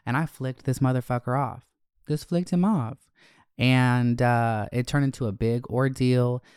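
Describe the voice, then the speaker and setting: A young man hosts a podcast and tells stories from his childhood, swearing freely and joking as he goes. His voice is smooth and resonant. The sound is close and dry, with no room echo. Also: mid-range voice, fairly even intonation, a little slow, darkish tone. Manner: candid, profane, joking. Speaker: podcast host. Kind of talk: casual storytelling.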